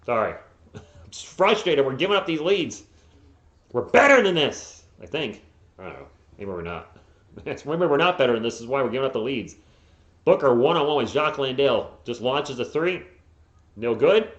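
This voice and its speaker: A man calls the game play-by-play for his stream, siding openly with one team. His voice sits at an ordinary pitch and breaks into frustrated yelling when plays go wrong. The recording is roomy and echoey, with a dull, lo-fi tone. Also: big pitch swings, moderate pace, pauses often. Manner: partisan, bursts into frustrated yelling at players. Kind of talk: live play-by-play commentary. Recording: echoey, dull lo-fi home mic.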